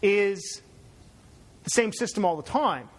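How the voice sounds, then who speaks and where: A man's voice: high voice, lively intonation, slow pace. A man from Canada giving a conversational university lecture, digressive and checking in with "right?".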